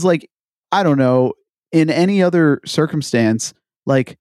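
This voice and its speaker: A man's voice: mid-range voice, warm tone, no echo, clean studio sound. A man co-hosting a casual chat podcast, rambling and profane with lots of hesitation. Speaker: podcast co-host.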